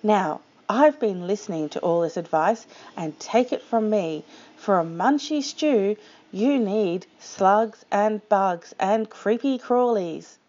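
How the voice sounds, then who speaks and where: A woman's voice: medium pitch, expressive, slow, darkish tone, lo-fi sound. Woman doing a bossy male echidna. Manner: bossy, lecturing. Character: bristly know-it-all male echidna.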